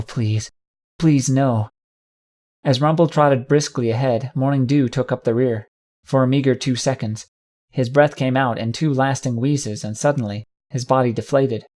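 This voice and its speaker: A man reading a first-person fan fiction audiobook with steady, dramatic storytelling. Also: mid-range voice, moderate pace. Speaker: audiobook narrator.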